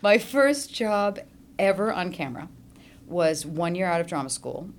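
A middle-aged actress chatting casually as a guest, lively and quick with laughs. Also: female voice, on the low side. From French Switzerland. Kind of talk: casual interview chat.

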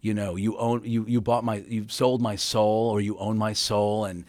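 Man, middle-aged, actor guest, casual podcast chat, animated, lowish voice, dry sound. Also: moderate pace, no room sound. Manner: animated, laughing, acts out quotes in a higher voice.

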